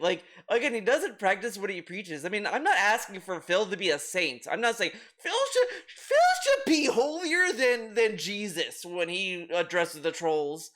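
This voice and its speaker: A man's voice: sits high, normal speed, fairly bright tone. A man hosting a commentary video, reacting with rambling, restarting sentences, swearing and laughing.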